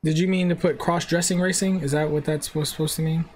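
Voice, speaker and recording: A man's voice: a little high, steady tone, fast talker. Brash young man streaming a racing game. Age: 20s. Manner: brash, swears, trades jabs with chat trolls. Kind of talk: casual live-stream chat. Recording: loud car game sounds behind. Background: racing game engine noise.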